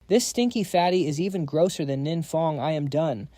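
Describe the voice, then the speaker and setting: A man voicing a gentle, caring young woman in a comic recap. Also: fairly high pitch, moderate pace, no room sound, close to an everyday voice.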